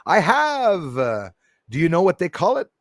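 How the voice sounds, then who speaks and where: A man's voice: high-pitched, wildly swooping pitch, unhurried, no room sound, studio quality. A man chatting casually on his livestream, laughing often and reading out viewer names. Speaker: livestream host.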